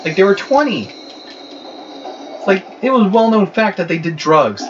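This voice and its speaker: A man's voice: high-pitched, sing-song, measured pace. A young man chatting casually over gameplay, telling a rambling, ranting story. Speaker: let's play host. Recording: dull lo-fi with clear noise.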